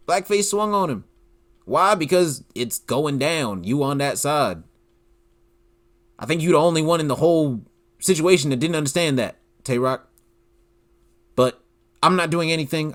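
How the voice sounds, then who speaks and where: Animated man with a higher voice. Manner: animated, incredulous, leans heavily on "like". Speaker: podcast host. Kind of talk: solo commentary podcast.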